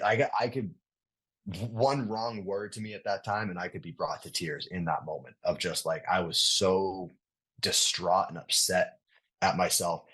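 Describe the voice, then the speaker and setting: A man's voice: low voice, moderate pace, slightly rough. A man, a former athlete casually telling a story in an interview, rambling and swearing freely. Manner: rambling, relaxed, casual swearing, many restarts. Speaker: interview guest, retired athlete.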